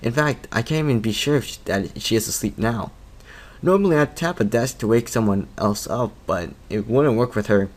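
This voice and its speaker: A man's voice: mid-range voice, normal speed. A man reading a visual novel aloud, breaking off into profane, laughing asides. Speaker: let's play host.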